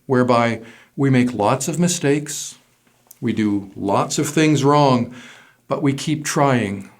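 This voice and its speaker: A man who is a pastor, preaching a sermon in a measured way, stressing single words with pauses. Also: medium pitch.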